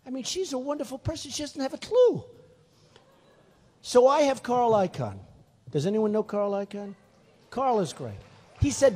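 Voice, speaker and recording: A man's voice: extremely high pitch, very animated, moderate pace, long pauses, dark tone. A man in his sixties giving a rally speech in a large hall, rambling, boastful and repetitive. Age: 60s. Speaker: political candidate. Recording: long hall reverb.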